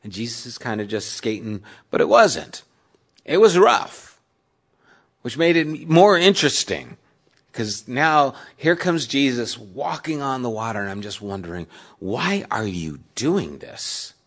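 A pastor preaching a sermon in a conversational way, asking his listeners questions and swinging between loud emphasis and soft, low asides. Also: big pitch swings, a little slow. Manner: conversational, asks the audience questions.

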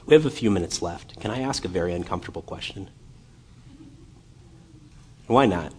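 A man preaching a sermon as a guest speaker, passionate and building from quiet to fervent, often repeating and restarting his words. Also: low-pitched, expressive, normal speed, long pauses, slight background noise.

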